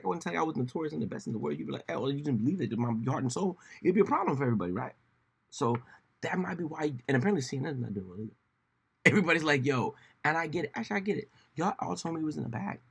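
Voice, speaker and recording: A man hosting a casual solo commentary show, rambling and animated, often slipping into mocking voices when he quotes people. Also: mid-range voice, fast talker, gravelly, husky. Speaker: podcast host.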